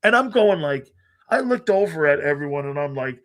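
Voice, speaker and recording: A middle-aged man hosting a sports talk show, telling a profane, animated story and acting out the other voices. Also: a little high, moderate pace. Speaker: sports talk radio host.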